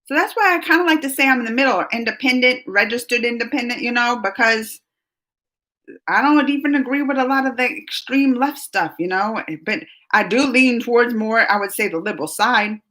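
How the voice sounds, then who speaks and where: A woman's voice: fairly high pitch, fairly quick. A woman hosting a casual live chat, rambling and getting worked up as she reads comments. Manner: rambling, gets worked up then trails off quietly. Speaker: livestream host reading chat.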